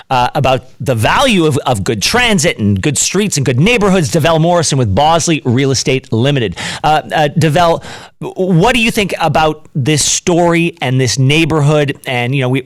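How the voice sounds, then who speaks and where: A man's voice: a little high, no echo, clean studio sound. A man hosting a radio talk show, chatty and opinionated, rambling with fillers as he talks.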